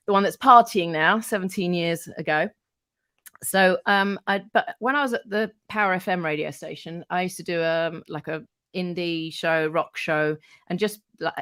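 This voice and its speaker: A woman's voice: low voice, a bit bright, dry recording. Chatty woman telling stories. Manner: chatty, rambling, swears casually, many fillers. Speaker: radio presenter and guest. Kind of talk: casual anecdotal chat.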